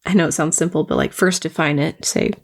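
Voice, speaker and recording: A woman's voice: deep voice, steady tone, fast talker. A woman co-hosting a podcast, talking thoughtfully and steadily about parenting. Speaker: podcast co-host. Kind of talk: casual conversation.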